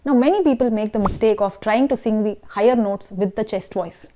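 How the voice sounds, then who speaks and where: The singing teacher here speaks fairly quickly in a mid-range, dark-toned voice, with a little hiss or hum in the recording. With her Indian English accent, she instructs on vocal technique and keeps checking in with whoever is listening.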